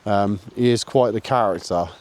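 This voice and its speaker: A man chatting casually outdoors while walking his dog, relaxed and explaining his training. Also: lowish voice, moderate pace. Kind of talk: casual walking vlog chat. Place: outdoors on a walk.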